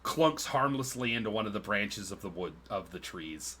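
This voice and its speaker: A man's voice: on the low side, expressive, normal speed, fairly bright tone, slight background noise. A man running a tabletop game as game master, laid-back and swearing casually.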